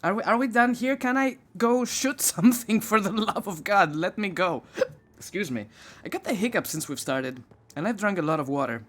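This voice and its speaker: Woman, streamer, casual live game commentary, chatty, expressive, candid. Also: mid-range voice, moderate pace.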